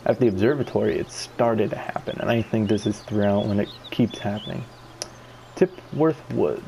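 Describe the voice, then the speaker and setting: A man's voice: fairly low pitch, little pitch movement, brisk, noisy background. A man giving casual, joking let's-play commentary. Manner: joking, rambling. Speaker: gaming YouTuber.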